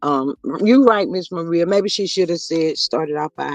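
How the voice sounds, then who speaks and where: A high-pitched man runs a casual gossip livestream, drawling asides to his chat and reading viewer comments aloud. His voice is close and dry, with soft music underneath. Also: animated, normal speed, hardly any pauses, no room sound. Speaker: livestream host.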